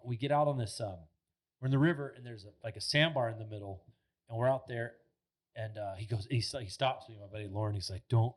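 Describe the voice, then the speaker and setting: Cast a man in his thirties, mid-pitched, for a podcast guest spinning loose, animated tales full of filler words. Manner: animated, rambling, heavy filler words, swears freely. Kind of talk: casual storytelling chat. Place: podcast studio.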